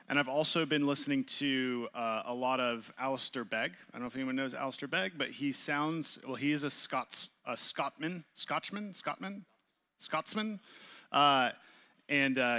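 A man with a bright, forceful voice reading an old devotional text aloud to a church gathering. He opens with casual, rambling asides full of "uh" and "um", then settles into a steady reading. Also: medium pitch. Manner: chatty asides with many fillers. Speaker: church reader.

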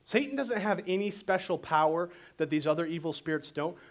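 Male pastor preaching, lively storyteller, voice sits a little high. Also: fairly quick. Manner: animated storytelling, voices quotes dramatically. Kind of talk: sermon.

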